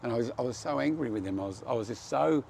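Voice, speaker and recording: A man with a gravelly, creaky voice tells his faith testimony with earnest, open feeling. His pitch sits at an ordinary middle height. A faint hum of room ambience is audible behind him. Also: expressive, quick pace, a little mellow. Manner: earnest, heartfelt storytelling. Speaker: person giving a testimony.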